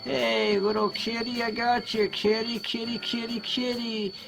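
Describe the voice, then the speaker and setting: A kindly superhero coaxes gently and earnestly in a high, gravelly voice, as a man puts him on. Loud music plays behind him, and his speech is slow. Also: flat delivery, heavily acted, low-quality recording. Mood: gentle. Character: kindly adult male flying superhero.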